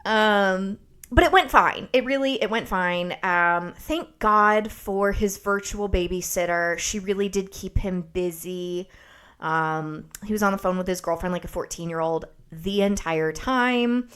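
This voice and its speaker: Animated, foul-mouthed woman telling a story. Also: mid-range voice, unhurried, clean tone. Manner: animated, profane, sarcastic storytelling. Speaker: podcast host. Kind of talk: casual storytelling chat.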